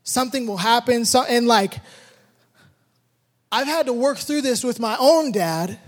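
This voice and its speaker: A man with an unusually high voice tells a story about his family, acting out each beat with shouted sound effects. His words ring out with the long reverb of a large hall. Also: a little slow. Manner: animated, acts out the moments with shouted sound effects. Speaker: father telling a personal story. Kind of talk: storytelling talk with a life lesson.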